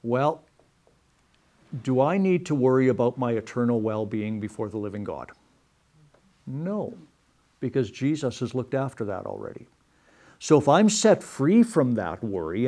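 A man's voice: medium pitch, a little mellow. A man leading a church Bible study in a casual, earnest teaching style, asking his small group rhetorical questions and thinking aloud with ums and restarts.

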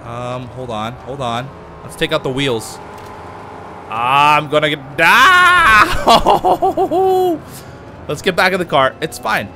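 A man hosting a let's play, commenting as he plays, with excitable, panicky exclamations under fire. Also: mid-range voice, a little slow, noisy background. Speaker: gaming channel host.

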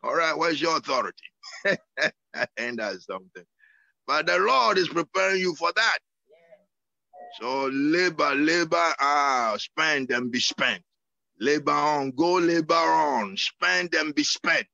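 A man's voice: on the high side, lively intonation, measured pace, gravelly, bright, forceful tone, dry recording, lo-fi sound. A man preaching a sermon and praying, fervent, with sudden whoops, often repeating his words. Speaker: apostle preaching. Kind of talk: sermon and prayer.

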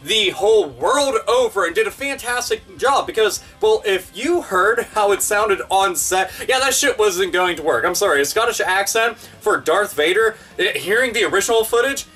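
High-voiced, profane ranting man. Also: expressive, normal speed, hardly any pauses, bright, forceful tone, breathy edge, distant mic. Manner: profane, sarcastic, exasperated. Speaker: online commentator. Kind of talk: ranting commentary.

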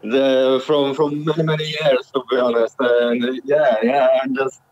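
A man's voice: medium pitch, little pitch movement, unhurried, darkish tone, highs cut off. Overwhelmed man on a video call. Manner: overwhelmed, repeating exclamations, laughing and crying. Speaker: prize winner.

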